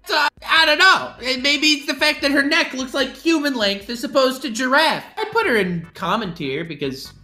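Young male guest streamer, blunt teaser, lively bright tone. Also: very high voice, moderate pace, few pauses, roomy sound. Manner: teasing, jokey and blunt. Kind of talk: casual stream chat. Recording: game music in the background.

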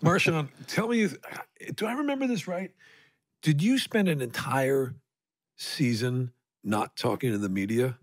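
A man's voice: mid-range voice, measured pace, dry recording. A man co-hosting a podcast, asking questions and chatting in an easygoing way. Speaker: podcast co-host. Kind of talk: casual interview chat.

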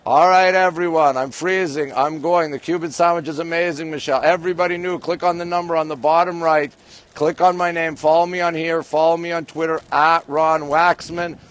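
A man's voice: on the high side, fairly even intonation, a little fast. A man from Canada livestreaming at night from a cold rooftop deck, greeting viewers by name and place as he shows the skyline. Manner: greets viewers by place and name, chatty tour-guide patter. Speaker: livestream host. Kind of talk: casual live-stream chat. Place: rooftop deck high up, outdoors at night in winter. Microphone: phone held in hand.

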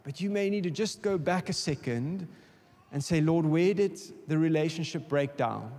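A South African man preaches with an impassioned drive, his voice sitting a little high for a man. He calls out to the congregation and repeats words as he gathers steam. A long reverb from the church hall trails every line. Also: moderate pace, a little mellow. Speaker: guest preacher. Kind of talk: sermon.

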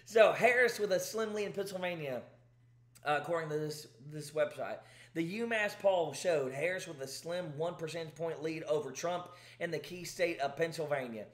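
Male commentary host, emphatic and exasperated, high-pitched, echoey room. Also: normal speed. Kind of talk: ranting commentary.

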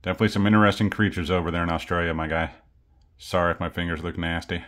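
Laid-back deep-voiced man. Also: steady tone, racing, fairly bright tone. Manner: easygoing, chatty, self-deprecating. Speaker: coin collecting channel host. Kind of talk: casual unboxing vlog.

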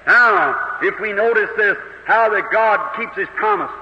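A man preaching an impassioned revival sermon that builds to shouts, on an old 1950s tape in an echoey hall. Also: sits high, unhurried, muffled recording. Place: large church hall.

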